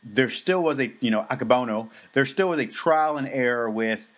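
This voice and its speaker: A man's voice: medium pitch, moderate pace. An American man co-hosting a podcast, talking in a rambling, casual way with many fillers and restarts. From United States. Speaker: podcast co-host. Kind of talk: casual chat.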